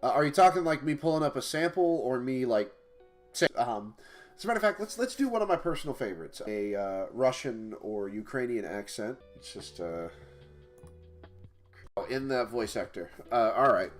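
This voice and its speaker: An indie game developer chats casually on a livestream, his medium-pitched voice animated at a moderate pace as he rambles through fillers and restarts. His mic sits off to the side without a pop filter, and faint music plays behind him.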